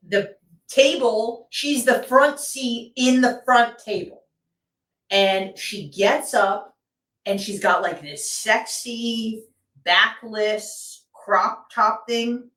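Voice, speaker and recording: A woman co-hosting a podcast, telling an animated story in casual chat with lots of fillers. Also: mid-range voice, slow. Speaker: co-host. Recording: roomy, distant mic.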